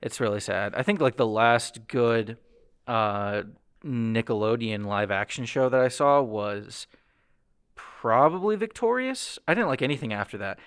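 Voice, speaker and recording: A young man hosting a podcast, chatting casually and acting out quotes in lively bursts. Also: unhurried, smooth. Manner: animated storytelling, acts out quotes with pitch jumps. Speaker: podcast host. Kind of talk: casual chat.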